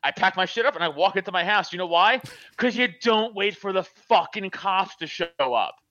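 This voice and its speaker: Animated, laughing man telling a story. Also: high voice, normal speed, no echo, lo-fi sound. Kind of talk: casual storytelling.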